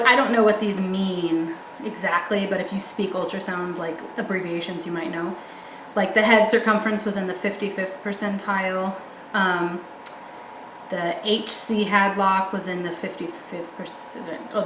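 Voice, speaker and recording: A woman's voice: medium pitch, reverberant, background noise. A young woman vlogger chatting to camera, out of breath, rambling with lots of ums and likes. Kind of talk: casual chat to camera.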